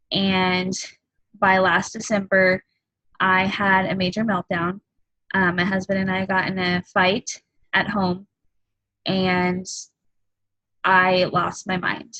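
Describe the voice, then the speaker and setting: Candid bright-voiced woman in her thirties. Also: medium pitch, dry recording, muffled recording. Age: 30s. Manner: candid and earnest, halting with frequent ums. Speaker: fitness coach. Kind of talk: personal testimony on a group call.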